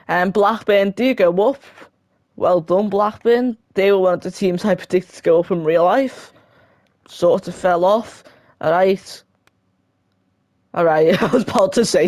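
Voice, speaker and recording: A young adult talks through a football game career in a relaxed, chatty voice-over, fixing slips on the fly and dropping quick laughing asides. The voice sits at a middle pitch. The recording is close and dry, with no room sound. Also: no room sound. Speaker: gaming video creator.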